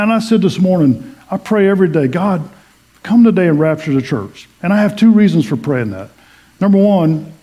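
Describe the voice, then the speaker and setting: Middle-aged male pastor, mellow, slightly high voice, folksy storytelling sermon. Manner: folksy storytelling with asides to the congregation.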